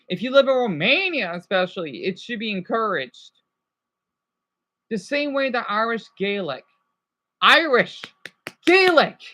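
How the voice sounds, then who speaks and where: A man's voice: very high voice, bright, forceful tone, low-quality recording. A man chatting casually on a livestream from home, rambling between topics and swearing now and then.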